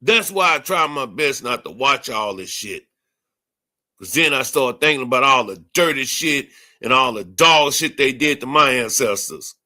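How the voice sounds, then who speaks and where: Hosting a livestream, this man launches into an angry, profanity-laden rant full of repeated phrases. His medium-pitched voice is animated, pushed and bright, delivered at an ordinary pace.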